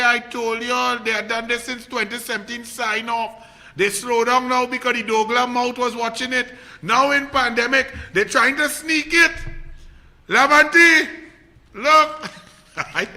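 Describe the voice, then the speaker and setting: Man doing a squeaky, bright Trinidadian satirist voice; sarcastic sing-song preacher. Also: steady tone, moderate pace, heavily acted. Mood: ranting. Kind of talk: political satire rant.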